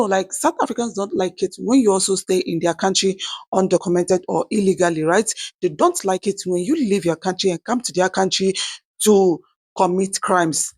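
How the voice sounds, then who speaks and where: Host, reaction commentary, husky voice, dry close sound, measured delivery. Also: mid-range voice, a little mellow, no room sound. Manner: measured, repeats tag questions. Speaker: channel host.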